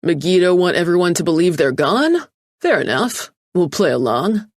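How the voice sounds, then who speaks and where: A woman voicing an arrogant, impatient male tech mogul who talks loud and dismissive. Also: on the low side, very animated, moderate pace, no echo, clean studio sound. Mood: curt.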